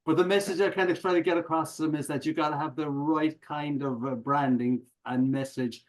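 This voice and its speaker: Man, Irish accent, middle-aged, keynote speaker, lively storyteller, somewhat high voice. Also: fairly quick, poor audio. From Ireland. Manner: animated, jokey, acts out audience reactions. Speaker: professional keynote speaker, podcast guest. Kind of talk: conversational interview, storytelling.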